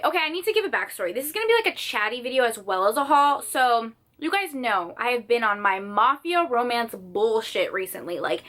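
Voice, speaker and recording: A woman's voice: a little high, sharp tone. A young woman chatting in a bubbly, gushing way for her book haul vlog, telling dramatic stories from her room. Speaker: book vlogger. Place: sitting on the floor of her room.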